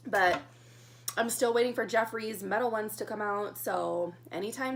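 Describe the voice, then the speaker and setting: A young woman tells a rambling story to her camera between bites, chatty and animated. Her voice has a gravelly fry running through it, and a faint hum sits under the recording. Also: mid-range voice, normal speed. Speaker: vlogger. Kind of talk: casual mukbang storytime.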